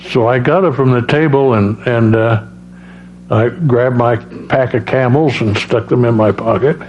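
A man giving a personal testimony as a preacher, halting, with many restarts and fillers. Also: medium pitch, a little mellow. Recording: dull lo-fi sound with faint hum.

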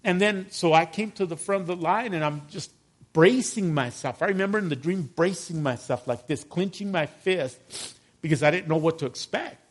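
A man's voice: a little high, normal speed. A middle-aged man preaching a sermon as pastor, conversational, often asking the congregation to agree with him. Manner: conversational, addresses congregation with call-and-response questions.

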